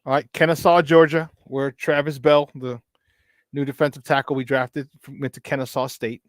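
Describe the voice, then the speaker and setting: A man with a medium-pitched, fairly flat voice hosts a morning sports talk show at a moderate pace. His talk is casual and emphatic, with repeated points and preachy asides, captured as clean studio sound with no room sound.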